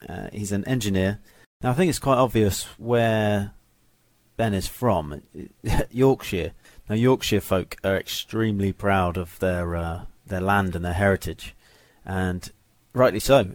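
Low-voiced podcast host, dry sound. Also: male voice, a little slow, no echo. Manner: relaxed, chatty, with fillers. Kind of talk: casual podcast introduction.

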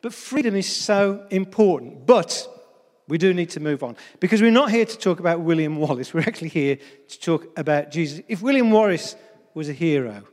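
A man's voice: on the high side, expressive, brisk, a little mellow. A man preaching a sermon to a congregation in a chatty, humorous way, often addressing them directly. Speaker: pastor. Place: church hall before a congregation. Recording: long reverb of a church hall.

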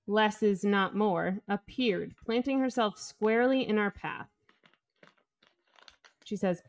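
Woman, podcast co-host, casual book chat, animated storytelling, acts out dialogue. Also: medium pitch, slow pace, pauses often. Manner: animated retelling, acts out characters' lines. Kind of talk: casual book-club chat, retelling chapters.

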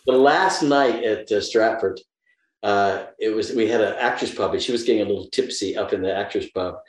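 An older man from the American South, a guest actor, telling animated stories in a casual interview and acting out the lines he quotes. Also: on the low side, fairly quick, echoey room, rough recording. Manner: animated storyteller, acts out quotes in lively voices.

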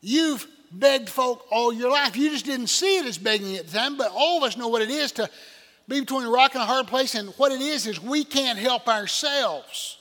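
A man's voice: very high voice, animated, normal speed, bright, forceful tone. An older man, preaching a folksy sermon full of rhetorical questions to his congregation. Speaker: pastor. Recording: church hall reverb.

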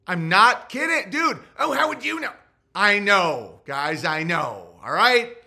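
Male podcast host, high and bright, loose profane riffing. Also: very animated, takes it slowly, creaky. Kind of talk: comedic stream commentary.

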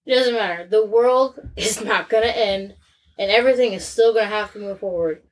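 A woman's voice: mid-range voice, brisk. A woman in her thirties chatting openly and casually. Her talk wanders through restarts and frequent swearing, with a plain everyday voice. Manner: candid, rambling, frequent swearing. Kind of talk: casual chat.

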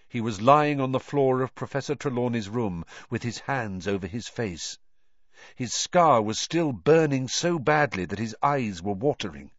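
A man narrating a storybook in expressive, dramatic storytelling. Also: fairly low pitch, no echo. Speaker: audiobook narrator. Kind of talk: scripted narration. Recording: dull dry lo-fi recording.

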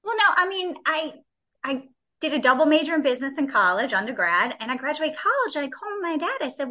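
A woman in her forties talks through her story as an interview guest, chatty and laughing easily. Her voice is bright and forceful, and she acts out the people she quotes. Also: high-pitched, sing-song, fairly quick.

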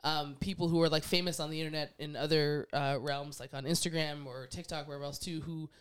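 Animated woman with a smooth voice. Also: sits low, fairly quick. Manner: animated, acts out quoted voices, laughs often. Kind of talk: casual chat.

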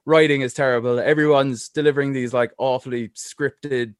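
A young man, a wrestling journalist, chatting as a podcast guest and giving blunt opinions with a quick laugh. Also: mid-range voice, steady tone, clear, resonant tone, no echo. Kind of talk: casual chat.

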